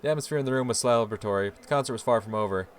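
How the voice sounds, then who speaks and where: A man's voice: medium pitch, rapid-fire, a little hiss or hum. A man hosting a game playthrough, reading the story aloud expressively with swearing asides. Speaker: let's play host.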